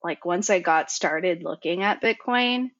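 A young woman tells a long personal story as an interview guest, talking fast and loose with plenty of fillers. She slips into quoted voices for the people she met. The sound is dry and a little muffled. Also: no room sound. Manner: animated, filler-heavy, acts out quoted dialogue. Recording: muffled low-fidelity audio.

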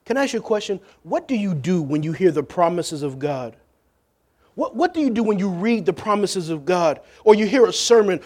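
High-voiced pastor preaching with loud-soft swings. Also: male voice. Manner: lively preaching, swings from loud jokes to hushed questions. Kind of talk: sermon.

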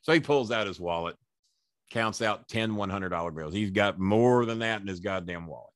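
Speaking at a normal speed in a fairly low voice, a guest in his sixties who manages wrestlers spins long, meandering anecdotes, swearing often and restarting again and again as he tells them casually. The sound is clean, dry studio audio.

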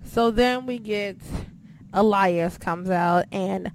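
Over background music, a female podcast host with a mid-range voice talks slowly and casually. Her chatty, loose delivery is full of swearing and repeated "you know" fillers.

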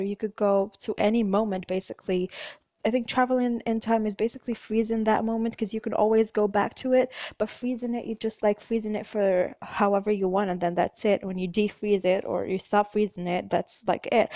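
A young woman vlogger chatting loudly and talkatively through would-you-rather questions. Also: medium pitch, no echo. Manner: chatty, animated, loud and talkative.

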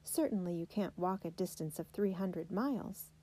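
A woman voicing a tender, worried young mother in a storybook reading, speaking gently and pleadingly. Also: fairly low pitch, normal speed, natural voice.

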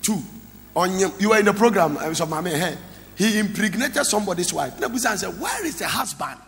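A man's voice: high voice, animated, fairly quick, creaky, fairly bright tone, slight background noise. A man, a pastor preaching a sermon that slips into song and local words. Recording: echoey hall with faint ambience.

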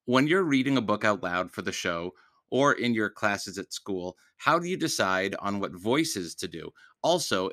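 Male podcast host, low-pitched, bright and forceful, loose and rambling, dry close sound. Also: dry recording. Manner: chatty, rambling with many fillers. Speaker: podcast host reading books aloud; teacher. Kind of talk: casual podcast chat.

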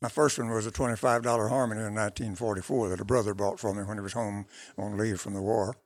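Gravelly older man recalling old times. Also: lowish voice, fairly even intonation, dry recording. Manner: rambling, unhurried recollection with restarts. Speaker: interview guest, country musician. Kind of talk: casual storytelling interview.

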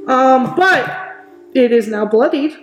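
Fairly high-voiced woman running a tabletop game. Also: animated, takes it slowly, reverberant, faint music behind, poor audio. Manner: easygoing, laughs often, frequent um fillers. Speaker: game master.

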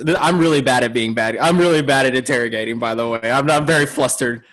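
A man's voice: mid-range voice, quick pace, hardly any pauses, a bit bright. A man playing a tabletop game, talking in a laid-back, joking way. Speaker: player. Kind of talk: casual tabletop play.

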